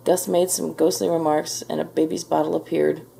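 Low gravelly woman reading a storybook. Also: level tone, normal speed, dark tone. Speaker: storybook reader. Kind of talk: reading a children's book aloud.

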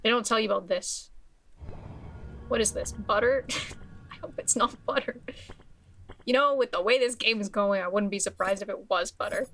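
A woman's voice: medium pitch, moderate pace, pauses often, a bit bright. A young woman streaming a video game, chatting casually in a giggly, scattered way full of exclamations and restarts.

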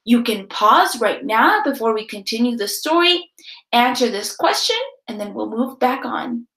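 Brief: high-voiced woman teacher, expressive read-aloud, echoey room. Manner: expressive storytelling, guiding pauses.

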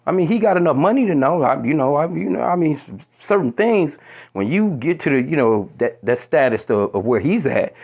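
A commentary vlogger with a slightly high, darkish voice launches into a heated, profane rant for his video. He trips over repeated words, restarting again and again, and breaks off to read from scripture.

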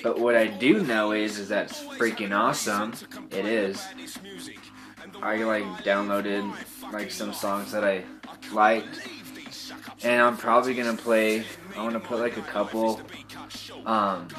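A man's voice: lowish voice, little pitch movement, unhurried, pauses often. A young man rambling to his webcam in a casual home vlog, hesitant and full of fillers and restarts. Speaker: vlogger. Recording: music playing behind.

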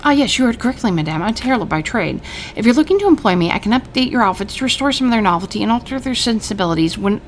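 A woman's voice: fairly high pitch, animated, rapid-fire, slight background noise, voice pushed up, close to an everyday voice. A woman reading aloud as a nervous, eager male tailor, gushing and theatrical.

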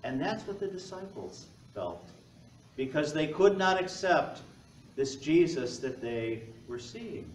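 A male pastor delivers a conversational sermon, tossing in jokes and quick questions to the congregation. His voice sits a little high for a man. It rings around a large church from some distance off the mic. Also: very animated, a little hiss or hum. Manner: conversational, joking asides to the congregation. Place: church sanctuary. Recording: echoey church heard from afar.

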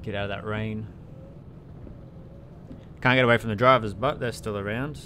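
A man's voice: fairly low pitch, fairly even intonation, moderate pace, sharp tone, a little hiss or hum. A young man casually commentating his trucking game, chatty and swearing often as he talks to himself. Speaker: let's play gamer.

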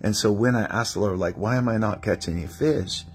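A low-pitched man preaching a testimony-style sermon. He tells his stories with animated energy and acts out the prayers and conversations as he goes. There is a faint hiss behind his voice. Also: a little fast. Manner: animated storyteller, acting out prayers and dialogue. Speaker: evangelist preacher.

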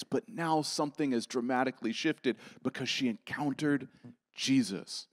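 A man preaches a sermon in a mid-range voice. He builds to strong emphasis, then drops to soft, near-whispered reassurance. The sound is close and dry, with little room echo. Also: mid-range voice, normal speed. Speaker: pastor. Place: church.

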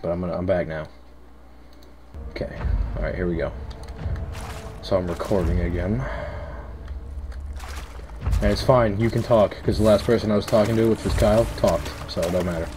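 Jumpy low-voiced man narrating a horror game. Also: moderate pace, pauses often, background noise. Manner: rambling, easily startled, yelps and shouts at scares. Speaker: let's play commentator. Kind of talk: casual horror game commentary. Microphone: headset.

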